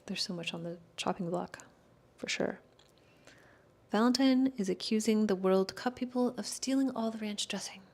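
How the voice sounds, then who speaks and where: A woman's voice: medium pitch, moderate pace, darkish tone. A woman astrologer in casual chat, answering viewer questions in a rambling, hedging way, full of fillers and self-corrections.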